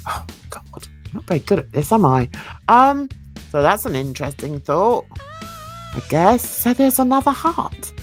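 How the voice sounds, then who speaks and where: A woman with a slightly high voice hosts a true crime channel, reading viewer comments aloud. She's casual and self-mocking, tripping over words and laughing at herself.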